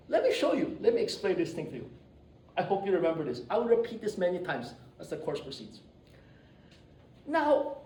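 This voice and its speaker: High, lively male lecturer in an echoey room. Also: a little hiss or hum. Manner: animated, keeps checking in with "right?" and "you see?". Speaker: university lecturer. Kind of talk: classroom lecture. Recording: echoey room, mic at a distance.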